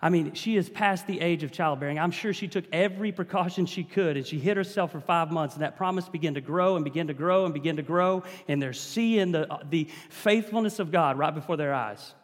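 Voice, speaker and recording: A man's voice: on the high side, a little fast, few pauses, in a large hall. A man preaching a sermon to a congregation, building emphasis and calling out to the listeners.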